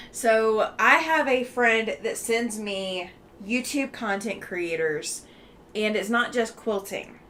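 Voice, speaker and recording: A woman's voice: on the high side, fairly bright tone, a little hiss or hum. A woman from Alabama hosts a casual livestream, reading chat aloud in a chatty, friendly way with many ums and easy laughs. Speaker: livestream host.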